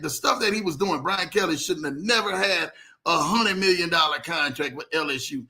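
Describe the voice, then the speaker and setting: A man hosting a casual livestream, animated, greeting viewers by name and telling stories in loose slang. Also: sits high, a little fast. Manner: animated, reads out viewer comments, Southern US slang. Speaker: livestream host.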